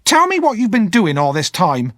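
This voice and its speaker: A man doing a shrill, scolding hard woman. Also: huge pitch swings, moderate pace, fairly bright tone, dry recording, studio quality, full character voice. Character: harsh shrill older woman, hard-tempered sister.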